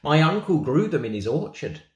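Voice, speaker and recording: An eager little girl from a children's storybook, put on by a man reading aloud. She is polite and keen, and her voice is raised a little above an ordinary speaking pitch. The sound is roomy, with some echo. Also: very animated, normal speed. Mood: pleading. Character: young girl offering a gift, eager.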